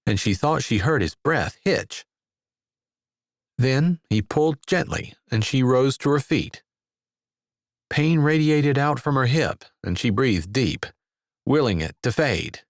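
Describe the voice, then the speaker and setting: Male audiobook narrator, animated pitch, dead-dry studio sound. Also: dry recording. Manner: expressive, lively reading. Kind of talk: scripted narration.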